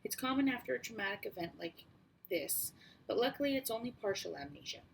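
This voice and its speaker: A woman's voice: a little high, animated, brisk, gravelly, slight background noise, pitched above the performer's own voice, low-quality recording. A woman voicing a female doctor who explains a diagnosis in a matter-of-fact, reassuring way.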